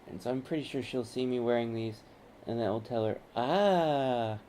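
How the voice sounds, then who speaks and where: A young adult man vlogs in a loose, meandering way, backtracking and restating his points. His voice sits at an ordinary middle pitch, with a faint hiss of noise underneath. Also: flat delivery, fast, dark tone. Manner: rambling, repeats and corrects himself. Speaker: vlogger. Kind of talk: casual rambling monologue. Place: college campus, indoors.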